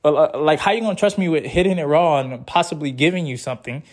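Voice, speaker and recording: A young man with a slightly higher voice rambles through a casual advice monologue. He talks bluntly and profanely in laid-back slang, repeating his catchphrases. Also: fast talker.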